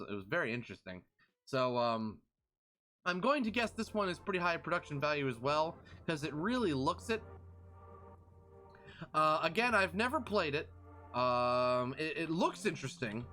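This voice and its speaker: A man's voice: fairly high pitch, bright, forceful tone. A young man streaming a game, chatting playfully with his viewers as he plays. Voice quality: playful, chatty, talks to chat. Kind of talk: live game stream commentary.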